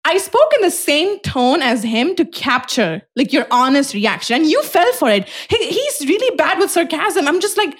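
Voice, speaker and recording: A young woman hosting a podcast, telling stories in a dramatic, animated way and swearing often. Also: sits high, normal speed, hardly any pauses. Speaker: podcast host. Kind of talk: casual chat.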